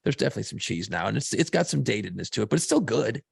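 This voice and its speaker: A man's voice: lowish voice, very animated, racing, creaky, husky, no echo, studio quality. A man co-hosting a podcast, talking about films in a laid-back, profane way and laughing often. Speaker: podcast co-host. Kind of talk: casual chat.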